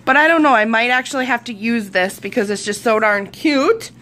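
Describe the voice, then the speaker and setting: There's a little hiss or hum behind this woman's fairly high, slightly bright voice as she speaks briskly. In her thirties and from Wisconsin, United States, she gushes and giggles while showing her mail in a casual show-and-tell vlog.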